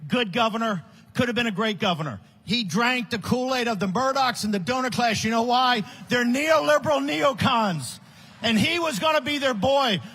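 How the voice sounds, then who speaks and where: Working the room like a big-hall orator, a man delivers a fiery political rally speech to a conference crowd, railing with combative energy. His raspy voice strains very high, sharp and bright, with lively intonation at a normal speed, and he repeatedly erupts into scorn-filled shouts.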